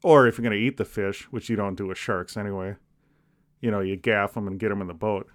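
A man co-hosting a podcast, cracking deadpan jokes in casual rambling chat. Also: on the low side, fast. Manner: deadpan jokey, rambling with restarts. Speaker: podcast co-host.

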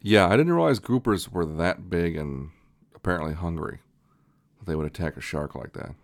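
Deep-voiced man swearing casually. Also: animated. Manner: quick offhand storytelling, swears casually. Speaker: podcast co-host. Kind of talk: casual comedic chat.

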